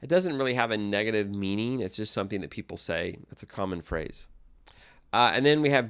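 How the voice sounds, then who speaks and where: A man teaching an English grammar lesson, explaining phrases in a relaxed way with fillers and small restarts. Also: fairly low pitch, a little fast, clear, resonant tone.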